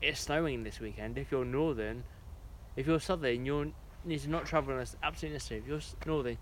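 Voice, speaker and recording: Fast-talking English man in podcast banter. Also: mid-range voice, a little hiss or hum. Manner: quick-talking, opinionated banter. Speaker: podcast co-host. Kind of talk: casual chat. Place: outdoors in the evening.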